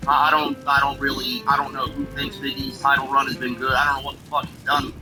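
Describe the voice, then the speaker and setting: Quick-paced and completely flat, a man's mid-range voice delivers sarcastic, exasperated wrestling commentary laced with heavy swearing. The poor recording has him off-mic with music playing underneath.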